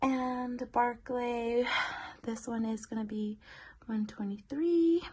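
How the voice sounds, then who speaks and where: A woman's voice: on the high side, steady tone, takes it slowly, dark tone. A young pregnant woman, a little out of breath, chatting casually through her family's monthly budget with many fillers. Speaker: budgeting vlogger.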